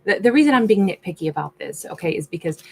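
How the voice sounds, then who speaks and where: Husky-voiced woman reading tarot. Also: fairly low pitch, expressive, fast talker. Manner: musing, chatty, voices the subject's inner thoughts. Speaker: tarot reader. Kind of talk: casual tarot reading monologue.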